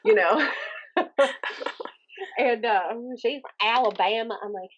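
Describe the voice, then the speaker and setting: A young woman with a Southern accent from Mississippi, chatting as a podcast guest, animated and often laughing. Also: a little high, takes it slowly, muffled recording, slight background noise. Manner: animated, laughing, mimics others in quotes. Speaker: guest poet and YouTuber. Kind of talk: casual interview chat.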